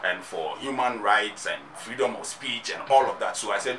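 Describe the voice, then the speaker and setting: A man's voice: fairly low pitch, expressive, moderate pace, bright, forceful tone. A man with a Ghanaian English accent speaking as a guest in a radio interview. He talks emphatically and repeats his points. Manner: emphatic, repetitive rhetorical speech. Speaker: musician and activist guest. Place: radio studio. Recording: distant mic, noisy studio.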